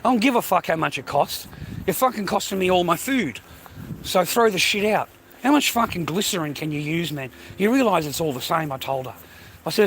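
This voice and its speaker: A man's voice: high voice, animated, fairly quick, fairly bright tone, slight background noise, rough recording. An Australian man hosting a livestream, ranting bluntly at his viewers in a profane, slangy, lecturing way. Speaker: livestream host.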